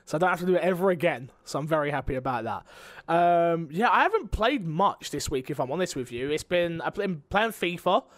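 This man has a British accent and talks fast and animated, winding himself up as he tells a story. His voice sits high for a man. He is recorded close and dry, with no room sound. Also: no room sound. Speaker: podcast co-host. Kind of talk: casual chat.

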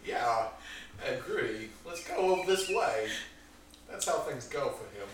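A wandering loner rambles on and answers the voices in his own head , as a player puts him on. He sounds set back from the mic in an echoey room, with steady noise behind. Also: mid-range voice, a little slow, recorded from a distance, close to an everyday voice. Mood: rambling. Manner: muttering, rambling to himself. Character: wandering loner man who talks to himself.

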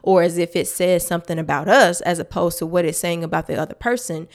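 A woman's voice: on the low side, quick pace. A woman hosting a faith-based podcast, talking earnestly and emphatically straight to her listeners. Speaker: podcast host.

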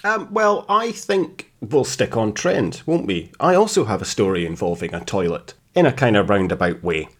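A man's voice: on the low side, very animated, moderate pace, hardly any pauses. A man co-hosting a casual podcast, reading out news stories with frequent laughter. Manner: laughs often, acts out quoted lines. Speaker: podcast co-host.

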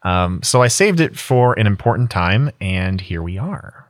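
A man's voice: fairly low pitch, big pitch swings, measured pace, dry recording, studio quality. A man in casual podcast chat, laid-back and rambling. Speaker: podcast player.

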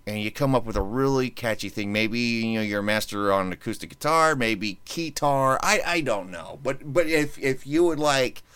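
A man's voice: medium pitch, a bit bright, clean tone, no room sound. A man hosting his own podcast in casual chat, rambling and joking as he restarts his sentences. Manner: rambling, self-interrupting, joking. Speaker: podcast host.

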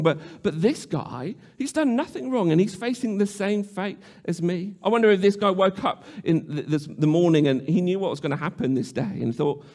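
A man preaching a sermon in a slightly higher-than-usual voice. He talks in an earnest, reflective way, often restarting his sentences and asking questions aloud. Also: normal speed, hardly any pauses, dark tone.

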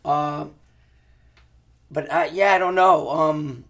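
Rifle instructor guy, kinda high voice, sitting back from the mic, stops and restarts a lot. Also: steady tone, a bit bright, recorded from a distance. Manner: explains with practical analogies, halting restarts. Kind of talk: casual interview answers.

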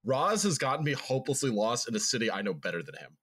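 A man co-hosting a podcast in casual chat. He throws in quick joking asides and swears freely. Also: mid-range voice, big pitch swings, fairly bright tone. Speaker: podcast co-host.

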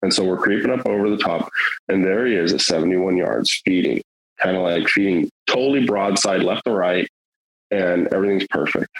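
A man's voice: deep voice, a little fast, rough recording. A middle-aged man telling a hunting story in casual, rambling, earnest talk, with many fillers and restarts.

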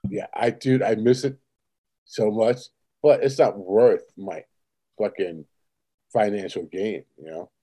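Man, blunt and crude casual talker with an unhurried delivery. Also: fairly low pitch, mellow, husky. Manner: crude, blunt, swears a lot. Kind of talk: casual chat.

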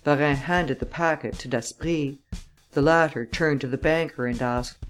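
Low-voiced woman narrating a book. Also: soft background music. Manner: steady, measured storytelling. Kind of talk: audiobook narration.

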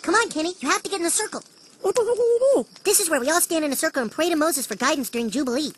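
An actor voicing an earnest, scolding young boy in an animated cartoon, talking in a shrill, indignant way. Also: rapid-fire, a little hiss or hum.

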